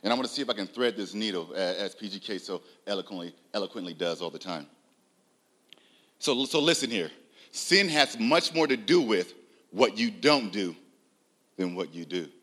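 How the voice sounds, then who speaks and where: A man delivering a sermon in a bright, ringing voice. He swings between loud, raised declarations and quiet, low asides, and keeps asking his listeners questions. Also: expressive, moderate pace. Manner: emphatic, rising loud on key lines, drops low and soft; uses rhetorical questions and audience address. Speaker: preacher.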